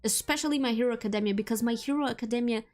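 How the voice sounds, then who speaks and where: A woman's voice: on the high side, rapid-fire, a little mellow. A young woman streamer chatting casually with viewers, rambling with lots of fillers and restarts. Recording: faint music behind.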